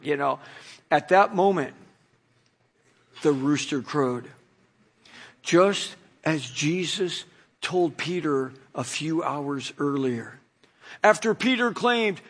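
A man's voice: on the high side, expressive, slow, long pauses. A male pastor preaching, telling the story with energy and asking his listeners rhetorical questions. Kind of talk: sermon.

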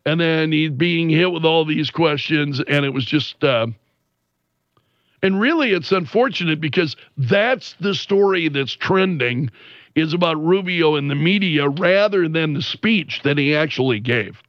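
Guy with a high voice doing slow, animated news commentary, dry dull-sounding mic. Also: dry recording. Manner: animated, retells quotes with censored swearing.

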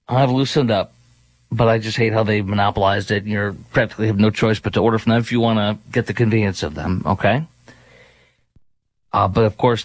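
A man's voice: fairly low pitch, no room sound. A man filling in as a talk radio host, speaking in an opinionated, rambling way with fillers and restarts into a studio microphone.

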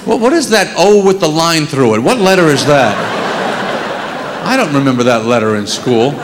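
A man's voice: a little high, animated, moderate pace, background noise. A man doing a dry, observational stand-up routine on a club stage. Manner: wry, dry observational joking. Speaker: stand-up comedian. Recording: live club, crowd laughter.

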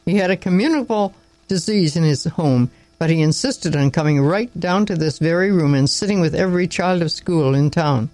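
A man reading the lines of a weary, contemptuous young country doctor who speaks in sharp, clipped phrases. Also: on the high side, fairly quick, no echo, lightly acted. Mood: angry.

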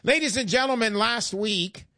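A man's voice: very high-pitched, normal speed, sharp tone, no echo, studio quality. An older man hosting a call-in radio show, chatty and folksy, getting emotional as he talks.

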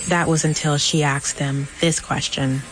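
A woman with a low voice narrates in a measured, scripted way. Soft music plays underneath her. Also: level tone, rough recording.

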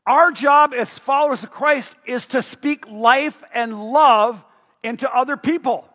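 A man preaching a sermon with a husky, breathy edge and a voice that sits high. He tells stories in a chatty way, restarting phrases and pushing loud on key points. The recording is muffled and carries a long hall reverb. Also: measured pace. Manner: chatty, repeats and restarts, rises loud for emphasis. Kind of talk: sermon with storytelling. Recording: dull echoey hall.

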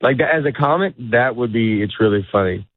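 A man's voice: medium pitch, lively intonation, brisk, no room sound. Man, middle-aged, comedian, rambling casual chat, restarts sentences, dry close sound. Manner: rambling, self-interrupting, laughs often. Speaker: comedian guest. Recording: dry phone-like audio.

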